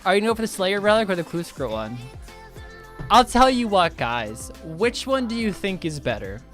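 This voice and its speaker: A man's voice: high-pitched, big pitch swings, normal speed, fairly bright tone, soft background music. A young man in his twenties on a casual game stream, loose and profane, reading viewers' chat aloud and riffing on it. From United States.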